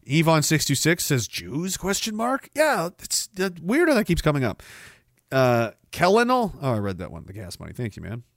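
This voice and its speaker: A man's voice: a little high, huge pitch swings, normal speed, creaky, no echo, clean studio sound. A man from Canada hosting a livestream podcast, ranting in a sarcastic, scornful way. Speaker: podcast host.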